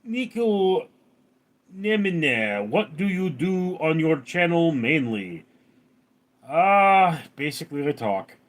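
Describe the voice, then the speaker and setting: A man's voice: on the high side, animated, takes it slowly. A man from Los Angeles hosting a casual late-night livestream, rambling as he reads out and answers viewer comments. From Los Angeles, California. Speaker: livestream host reading chat. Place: outdoors at night.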